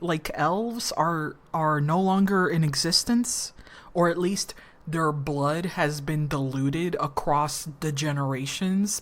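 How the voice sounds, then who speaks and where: Woman streamer, casual chat, rambling, swears freely, low voice, slow pace. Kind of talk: casual chat recapping a story.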